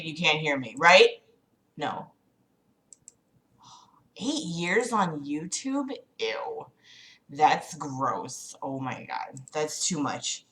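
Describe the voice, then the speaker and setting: Exasperated woman streamer, lively pitch. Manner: exasperated, apologetic, swears often. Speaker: livestream host. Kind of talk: casual livestream chat. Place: home room.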